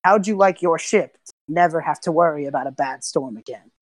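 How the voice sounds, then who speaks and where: A woman voicing a short, gruff old male lighthouse keeper with wild white hair, who talks bluntly and impatiently. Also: sits low, brisk, dry recording.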